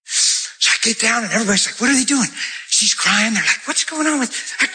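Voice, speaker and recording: Guy preaching a story, real high bright voice, super animated, acts out all the lines and shouts out praise. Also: fairly quick, slight background noise. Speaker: pastor. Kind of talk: sermon testimony.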